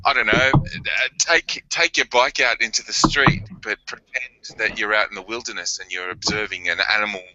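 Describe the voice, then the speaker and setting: A man's voice: on the low side, normal speed, few pauses, background noise. An Australian man in a casual group chat, joking, swearing and laughing a lot. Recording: dull lo-fi sound.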